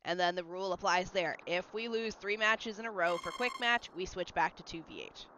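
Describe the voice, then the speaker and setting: A livestreamer with a brisk, bright, forceful mid-range voice chats casually and ramblingly while gaming at home, answering messages from chat. The slightly dull lo-fi mic picks up slight background noise and faint game music.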